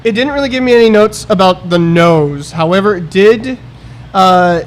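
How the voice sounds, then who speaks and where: A man's voice: high voice, expressive, moderate pace. A man co-hosting a casual podcast chat, reading listener messages and hesitating with fillers. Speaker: podcast co-host.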